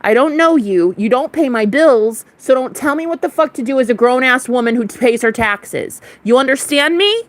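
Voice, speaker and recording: A woman's voice: sits high, lively intonation, moderate pace, few pauses. A young woman vlogger ranting to camera in a casual spiritual monologue, blunt, defiant and full of swearing.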